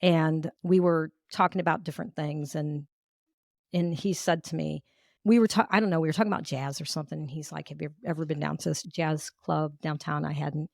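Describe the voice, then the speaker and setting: A woman coach of Cuban heritage tells personal stories as a podcast guest, in a lowish voice recorded close and dry. She is animated and acts out her own past thoughts as she talks. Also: a little fast, vocal fry, dry recording. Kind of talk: storytelling in an interview.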